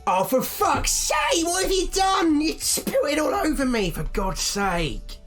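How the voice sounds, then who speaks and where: A woman's voice: sits low, fairly even intonation, moderate pace, faint music behind. A woman voicing a big, blunt female half-orc sailor who swears readily. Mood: angry.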